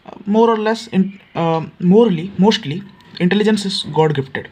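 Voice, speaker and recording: A man with an Odia accent teaching an education class, explaining points step by step and often pausing on filler words. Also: high-pitched, darkish tone, muffled recording. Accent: Odia English. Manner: frequent fillers and restarts, repeats key points. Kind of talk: explanatory lecture for exam students.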